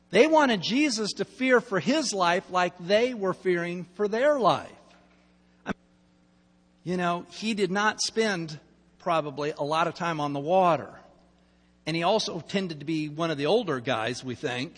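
A male pastor preaching a sermon, telling the story with asides and swinging between loud and hushed delivery. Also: high voice, husky. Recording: long hall reverb.

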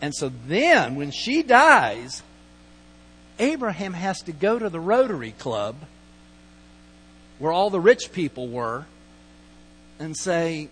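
A man's voice: on the high side, very animated, slow, pauses often, a bit bright. A middle-aged man pastor giving a conversational, storytelling sermon and acting out quoted lines. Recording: long hall reverb, mains hum.

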